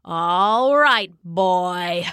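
A woman voicing a grumpy old man with a gruff, shouting manner in a storybook reading. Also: lowish voice, animated, very slow, dry recording, studio quality, pitched below the performer's own voice, full character voice. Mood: commanding. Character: grumpy old man, a hunter easily angered.

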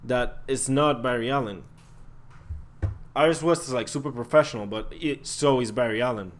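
A young man in a casual podcast chat, talking in a relaxed way and often trailing off mid-thought. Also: mid-range voice, normal speed, a little hiss or hum.

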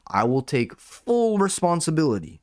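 A man's voice: fairly high pitch, very animated, moderate pace, dry recording, studio quality, pitched above the performer's own voice. A man impersonating a brash young man who gives an overly earnest, insincere public apology. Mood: mock-contrite.

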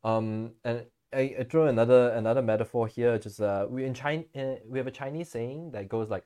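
A man with a medium-pitched voice co-hosts a podcast, talking fairly quickly with hardly any pauses. In relaxed conversation he tells stories, acts out quotes, and laughs easily.

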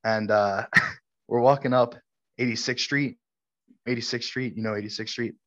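A man's voice: medium pitch, fairly even intonation, moderate pace, a bit bright, lo-fi sound. A man from Brooklyn co-hosting a podcast, telling a story between friends and laughing often. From Brooklyn, New York. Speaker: podcast co-host. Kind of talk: casual storytelling chat.

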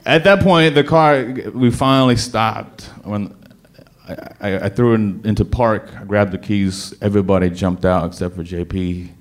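A man with a somewhat low voice spins a story for a live crowd. He talks in an animated way, tripping over restarts and pushing hard on key words. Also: normal speed. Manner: animated, stammering restarts, bursts of emphasis. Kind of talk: storytelling before a live audience.

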